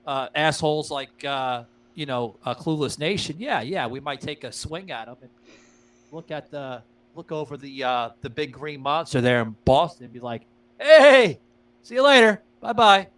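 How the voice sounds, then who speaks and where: A man's voice: medium pitch, moderate pace, a bit bright, poor audio. A man hosting a podcast in loose, profane casual chat, talking straight to his listeners with plenty of fillers. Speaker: podcast host.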